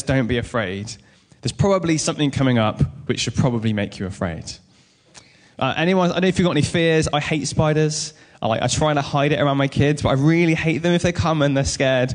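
A man's voice: fairly high pitch, a little mellow. Male pastor, easygoing sermon delivery, chatty asides and anecdotes. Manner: conversational, with personal stories and asides.

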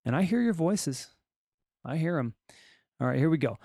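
A man's voice: a little high, lively intonation, normal speed, mellow, no room sound, clean studio sound. A man with a Californian accent hosting a solo podcast, reading odd news stories and tossing in joking asides. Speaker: podcast host.

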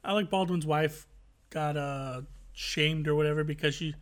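A man's voice: a little high, moderate pace. A man co-hosting a podcast, chatting casually in a rambling, jokey and profane way. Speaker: podcast co-host.

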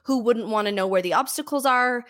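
A woman's voice: a little high, a little fast, a bit bright, no echo, clean studio sound. A woman hosting a podcast, chatting casually and thinking aloud with many fillers. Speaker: podcast host. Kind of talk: casual chat.

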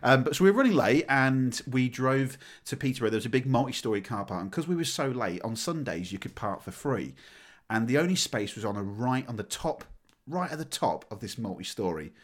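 A man on a podcast telling a story with lots of energy, laughing and swearing as he gets excited. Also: medium pitch, fairly quick. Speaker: podcast co-host. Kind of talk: casual storytelling chat.

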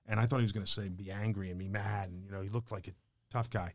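An older man, a podcast guest telling stories quickly, acting out the dialogue. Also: on the low side, no echo, clean studio sound. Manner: fast, animated storyteller who acts out quoted dialogue. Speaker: podcast guest, financial advisor. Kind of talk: emotional storytelling in conversation.

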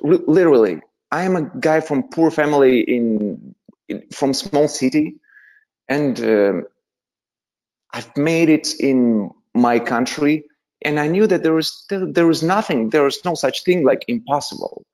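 Animated Russian-accented man telling stories. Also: on the high side, measured pace. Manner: animated, acts out quoted voices, laughs often. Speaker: guest, musician. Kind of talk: casual storytelling.

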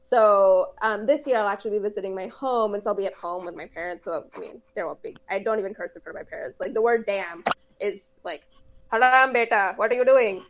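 A woman's voice: mid-range voice, fast talker, slight background noise. A woman co-hosting a podcast, chatting casually and explaining things at length, laughing easily. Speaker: podcast co-host. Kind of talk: casual chat.

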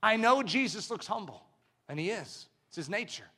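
Man, preacher, sermon, high voice, bright tone, emphatic then hushed, rhetorical questions. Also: animated, normal speed. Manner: swings from loud emphatic declarations to quiet intense murmurs.

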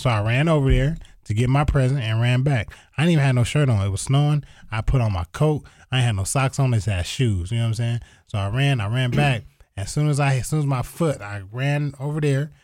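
Animated, profane storytelling man. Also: mid-range voice, quick pace. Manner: animated, profane, acts out voices in quotes. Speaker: storyteller guest. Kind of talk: casual storytelling.

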